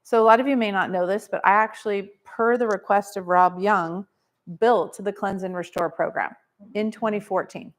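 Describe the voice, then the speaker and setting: A woman teaching a live seminar to an audience, energetic and coaching, full of rhetorical questions. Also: mid-range voice, moderate pace. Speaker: wellness business trainer.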